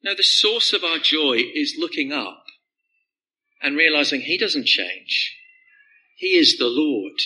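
Man preaching, very bright voice, slightly high, conversational sermon, soft emphatic drops. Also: sing-song, slow pace, pauses often, poor audio.

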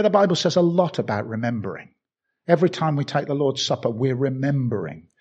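Husky animated Birmingham preacher, older man. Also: mid-range voice, dull audio. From England. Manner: animated, repetitive emphatic preaching with self-deprecating asides. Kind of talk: sermon.

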